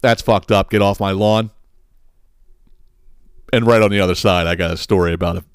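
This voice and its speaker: A man hosting his own podcast, telling a story in a casual, profane and animated way, acting out the quotes. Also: on the low side, normal speed, clear, resonant tone, no echo, clean studio sound. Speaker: podcast host.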